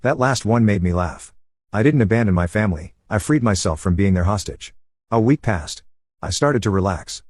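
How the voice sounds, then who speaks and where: Low husky male story narrator. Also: expressive, moderate pace, darkish tone, no room sound, studio quality. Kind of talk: first-person story narration over gameplay.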